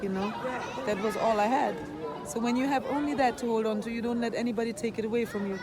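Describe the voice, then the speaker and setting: A woman's voice: on the high side, steady tone, fast talker, a crowd in the background. A middle-aged woman musician chatting earnestly and reflectively outdoors, often restarting her phrases. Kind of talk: casual chat. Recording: noisy busy street outdoors.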